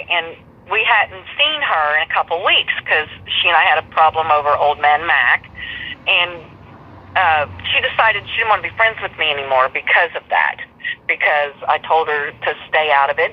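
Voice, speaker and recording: Blunt, foul-mouthed woman guest, husky and rambling, on muffled low-fi audio. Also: normal speed. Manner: blunt, profane, rambling storyteller. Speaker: interview guest. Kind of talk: live stream interview.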